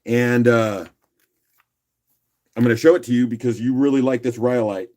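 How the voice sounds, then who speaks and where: Male auction host, rough morning voice, easygoing chatter, mid pitch. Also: normal speed. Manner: relaxed, chatty, clears throat often. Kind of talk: casual live auction chat.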